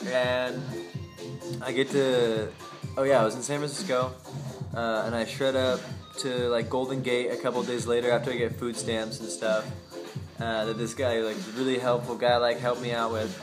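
A man's voice: mid-range voice, flat delivery, moderate pace. Rambling, slangy young man with music behind. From Boise, Idaho. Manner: slangy and profane, loose run-on sentences. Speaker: vlogger telling a personal story. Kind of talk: rambling casual storytelling.

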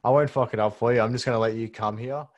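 A man's voice: mid-range voice, fairly even intonation, quick pace. An Australian man co-hosting a casual podcast interview over a video call, laid-back, swearing casually and hesitating with many fillers. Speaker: podcast co-host.

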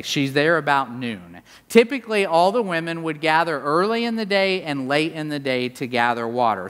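Male pastor, fairly high voice, animated sermon delivery, long reverb of a big sanctuary. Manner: animated preaching with wide swings in pitch and volume. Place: large church sanctuary.

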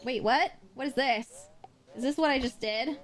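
A woman's voice: high-pitched, moderate pace. A young woman streaming a game live, talking playfully and breaking into squealing exclamations. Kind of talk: live let's play commentary. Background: game music.

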